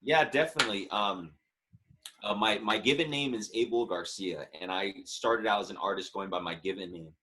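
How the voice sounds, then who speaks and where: A man's voice: lowish voice, normal speed, background noise. A man in his thirties, a musician guest telling a story in a casual interview, chatty and earnest. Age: 30s.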